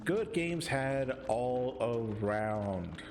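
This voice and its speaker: A young man casting a competitive video game live, excitable, sometimes stumbling over his words. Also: mid-range voice, drawn-out words, roomy sound, over music. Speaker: esports caster.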